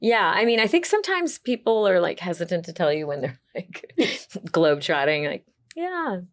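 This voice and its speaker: Brief: woman interviewer, lower voice, lively swooping intonation, giggly and relaxed. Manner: friendly, laughs often, quick reactions. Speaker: interview host. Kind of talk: casual interview chat.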